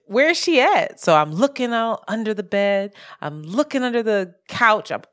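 A woman co-hosting a casual podcast, telling a story in an animated way with sudden jumps in pitch and plenty of swearing. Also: normal speed, clean tone. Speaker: podcast co-host. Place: apartment in Brooklyn, street sirens outside.

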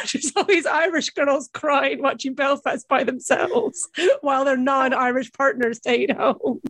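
A woman's voice: high-pitched, steady tone, measured pace, creaky, fairly bright tone, no echo. A woman co-hosting a podcast in casual chat, teasing her co-host and laughing often.

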